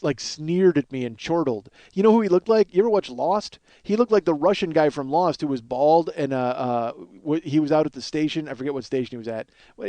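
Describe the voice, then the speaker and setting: A man hosting a comedy podcast, telling a story in an animated, profane, rambling way. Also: on the high side, no room sound. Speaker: podcast host.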